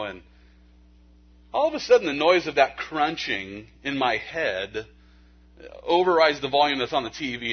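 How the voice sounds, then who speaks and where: A man preaching a sermon in a conversational way, with folksy asides, stammered restarts, and a hushed soft delivery when he makes a point. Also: medium pitch. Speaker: pastor. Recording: dull lo-fi recording.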